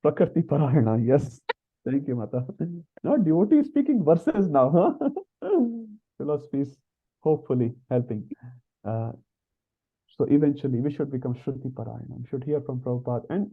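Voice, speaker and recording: A man teaches a scripture class online, talking casually and dropping in little tag questions. His voice sits at an ordinary middle pitch. It comes through thin and phone-like, as on a video call. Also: very animated, normal speed, husky. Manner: conversational, frequent tag questions. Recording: tinny phone-like call audio.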